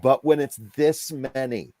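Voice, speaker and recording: A man who acts in a stage play, chatting in an interview in an animated, jokey way. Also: mid-range voice, measured pace, faint music behind. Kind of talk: casual interview chat.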